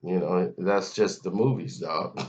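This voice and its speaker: A man's voice: sits low, a little slow, a little mellow. A man giving a mocking, scolding commentary rant, talking straight at the person he criticizes. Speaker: commentary vlogger. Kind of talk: ranting commentary. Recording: dull lo-fi audio.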